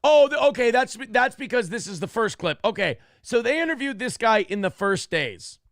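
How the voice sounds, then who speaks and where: Guy ranting crude jokes on his show, gravelly voice, bouncy pitch, dry sound. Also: big pitch swings, normal speed, a bit bright, no echo. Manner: crude, profane, mocking rant. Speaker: morning show host. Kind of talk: comedic commentary on a news clip.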